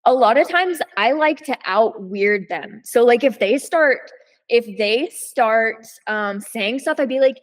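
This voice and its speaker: A woman's voice: fairly high pitch, normal speed, rough recording. A woman in a panel discussion talking in a playful, blunt way and rambling with restarts. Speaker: panel guest. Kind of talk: casual discussion.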